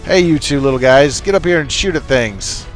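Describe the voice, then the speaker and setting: This man's voice is on the high side, with lively intonation and a normal speed. He's doing casual let's play commentary on a strategy game, goofily chatting with his units as he orders them around and jokes with them, over faint game music and artillery.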